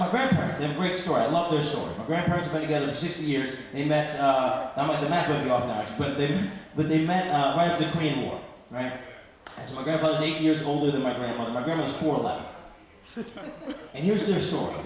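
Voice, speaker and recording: Man in his thirties, stand-up comedian, rambling and self-deprecating, quick talker, echoey club hall with long reverb. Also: fairly high pitch. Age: 30s. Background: audience laughter.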